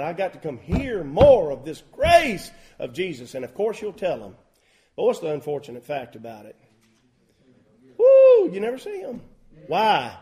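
A man preaching a sermon as a pastor, folksy and emphatic with loud bursts. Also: fairly high pitch. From Southern US.

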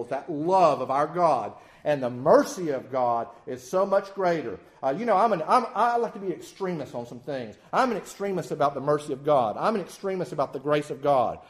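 A man preaching a sermon in a folksy, animated way with self-deprecating humor. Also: a little high.

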